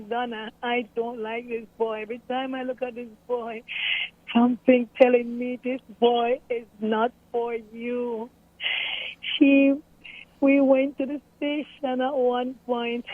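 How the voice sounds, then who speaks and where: A middle-aged woman speaks in a high, fairly flat voice, telling a story earnestly. The sound is tinny and phone-like, with a dry room. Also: no echo. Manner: earnest, storytelling, animated retelling. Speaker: grieving mother interviewee. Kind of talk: recounting events in an interview.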